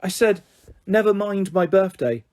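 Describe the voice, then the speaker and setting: A man's voice: high-pitched, expressive, measured pace, a little mellow, voice pushed up. A man doing a pleading, stammering young boy. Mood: urgent. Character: young boy, self-centred, anxious birthday boy.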